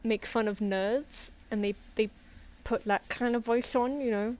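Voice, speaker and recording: A woman's voice: on the high side, steady tone, unhurried, a little mellow. A young woman chatting casually on a drawing stream, telling anecdotes with frequent laughs and acted-out quotes. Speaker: artist streaming live commissions.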